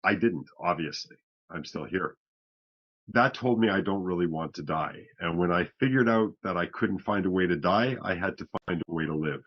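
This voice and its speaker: A man's voice: low-pitched, normal speed, lo-fi sound. A middle-aged man from Canada, a podcast guest, telling his own story frankly with wry, self-deprecating humor. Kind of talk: candid personal storytelling.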